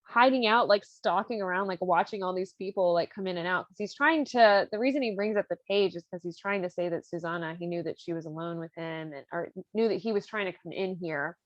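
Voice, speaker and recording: A woman's voice: on the low side, brisk, few pauses, no room sound. Young female podcast host, casual and irreverent, dry lo-fi recording. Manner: chatty and irreverent, with slang and swearing. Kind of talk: casual storytelling recap. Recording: dry, slightly dull lo-fi sound.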